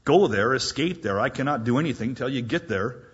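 A man preaching a sermon in an animated way, acting out back-and-forth dialogue between God and a reluctant believer. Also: mid-range voice, fairly quick, slightly rough, muffled recording.

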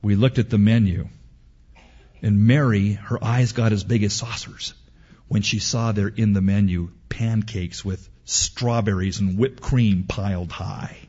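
A middle-aged preacher speaks slowly and deliberately, with a husky voice whose pitch swings widely. He tells stories and repeats his points with emphasis. The recording sounds dull and lo-fi. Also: steady tone, dark tone. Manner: storytelling, repetitive, emphatic. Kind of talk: sermon.

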